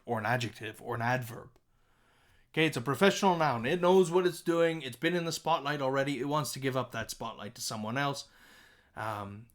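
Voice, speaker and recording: Animated male music teacher. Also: medium pitch. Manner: animated, emphatic speaking of example lines; restarts and self-corrections while explaining. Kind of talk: songwriting lesson.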